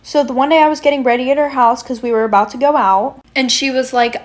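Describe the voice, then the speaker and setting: Young woman spilling a storytime, kinda high voice, blunt, swears a lot, talks right to viewers. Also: fast talker, hardly any pauses. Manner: blunt, swears freely, chatty asides to viewers. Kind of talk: casual storytime.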